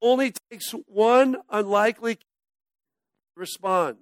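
A pastor preaching a casual, conversational sermon, often dropping to a near-hush at the ends of phrases. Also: male voice, high voice, slow pace, clean tone, dry recording.

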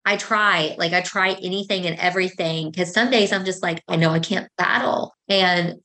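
Mom podcast host, 30s woman, animated chatty storyteller, acts out her kids. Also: lowish voice, moderate pace. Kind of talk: casual chat.

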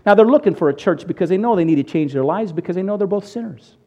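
A man preaching a sermon on radio, telling a story with lively acted-out quotes. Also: high voice, fast, lo-fi sound. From United States. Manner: animated storyteller, acts out quotes. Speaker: pastor. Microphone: radio broadcast recording.

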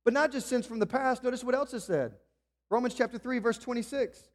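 A man's voice: very high voice, brisk, long reverb tail. A male pastor, preaching an earnest sermon and pressing his listeners with rhetorical questions.

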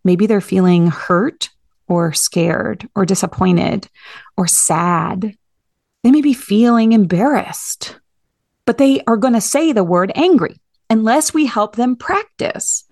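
An earnest woman delivers a parenting-advice monologue as a podcast host, speaking directly and steadily like a coach. Her voice sits in an ordinary middle pitch. The sound is dry, with hardly any room around it. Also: animated, slow pace, a little mellow, no room sound.

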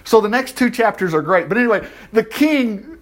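Lively animated male preacher. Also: sits high, moderate pace. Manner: animated storytelling with asides and laughter. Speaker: pastor. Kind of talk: sermon, reading and retelling scripture.

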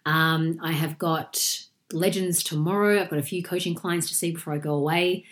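An Australian woman in her forties, a podcast host and coach, chats casually and upbeat on her solo podcast with plenty of fillers despite being sick with a chesty cough. Her voice is low, steady and fairly bright, at normal speed.

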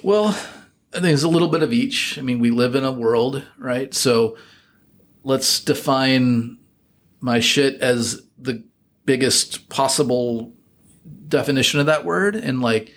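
A middle-aged American man speaks as a guest in a casual interview, reflective and full of fillers and restarts. His voice sits in the mid-range with a bit of brightness.

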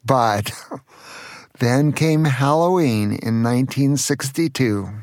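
A man in his sixties from California, a grandfather gently and earnestly telling stories from his childhood on his own podcast. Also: mid-range voice, dry recording, clean studio sound. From California, USA. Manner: earnest, gentle, slow storytelling. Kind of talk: storytelling memoir.

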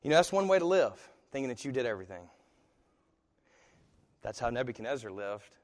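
A man preaching a sermon as pastor, swinging from hushed, slow phrases to loud, emphatic ones. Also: mid-range voice, very animated. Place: church sanctuary. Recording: long hall reverb.

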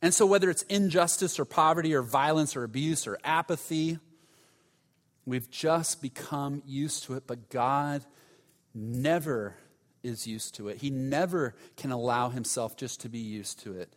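A man's voice: medium pitch, unhurried. Emphatic preaching man in a reverberant hall. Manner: emphatic, repeats key words, conversational preaching with asides. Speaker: pastor. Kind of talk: sermon.

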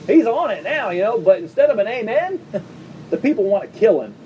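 A male pastor preaching a sermon to his congregation in a church, speaking in a conversational way with quick asides and humor. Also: sits high, sing-song, warm tone, far from the mic, lo-fi sound, slight background noise. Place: church service before a congregation.

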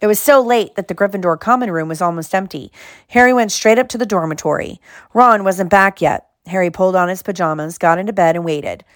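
A woman reading a storybook aloud in a calm, measured narrating manner. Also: mid-range voice, no room sound, clean studio sound. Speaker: audiobook reader.

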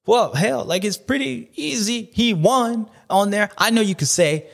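A man's voice: high voice, a little slow, creaky, a bit bright. A man hosting a race recap show, riffing in playful slang and repeating his catchphrases. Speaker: host of a supercross recap show. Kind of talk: animated casual commentary.

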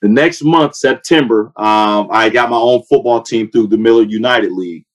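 A man, telling a personal faith story in casual conversation, acting out quotes with a rising voice. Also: normal speed. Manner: animated storytelling, acts out quotes with rising pitch. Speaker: youth football coach and sports training founder. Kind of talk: casual testimony in a podcast chat.

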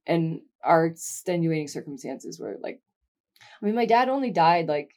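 A woman's voice: low voice, animated, normal speed, a little mellow. A middle-aged woman co-hosting a podcast in casual chat, frank and reflective, swearing now and then. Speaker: podcast co-host.

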